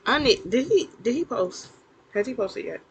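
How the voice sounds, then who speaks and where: A woman casually recapping a TV episode to the camera, animated and incredulous, with plenty of fillers and laughs. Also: a little high, moderate pace, husky, low-quality recording.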